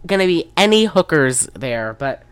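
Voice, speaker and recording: A woman's voice: low voice, sing-song, normal speed, smooth. A young woman recapping a movie in casual chat, rambling and profane, acting out the characters' lines. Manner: rambling, profane, acts out quotes.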